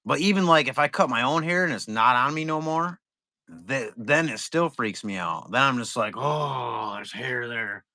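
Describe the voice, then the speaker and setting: A man running a card break stream, talking loose and rambling with plenty of cursing. His voice is bright and forward, and it sounds dry and close with hardly any room around it. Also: mid-range voice, expressive, normal speed, no echo. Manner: rambling, profane, laid-back. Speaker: trading card break seller. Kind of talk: casual livestream chat.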